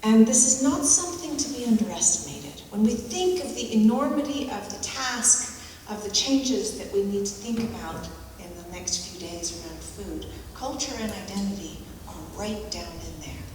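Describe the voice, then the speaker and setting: A woman's voice: medium pitch, lively intonation, darkish tone. Woman telling stories in an echoey hall. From United States. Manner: reflective, halting, repeats key phrases. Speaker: speaker at a forum. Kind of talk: storytelling public talk. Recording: echoey hall, mic from far off, background noise.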